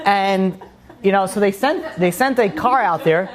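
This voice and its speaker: A man giving an informal religious class, rambling with many restarts and animated asides. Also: high voice, unhurried, a faint crowd. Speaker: Torah teacher.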